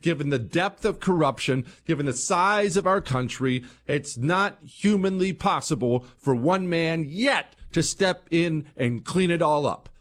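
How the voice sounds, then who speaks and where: Speaking at a measured pace with few pauses, a man hosts a talk radio show. His emphatic monologue swings between heated peaks and low, quiet stretches.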